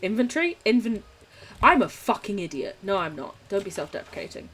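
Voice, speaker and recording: This young UK woman talks briskly in a mid-range voice with big pitch swings, gaming on stream and chatting with her audience as she reads chat. She laughs a lot and doesn't hold back on swearing.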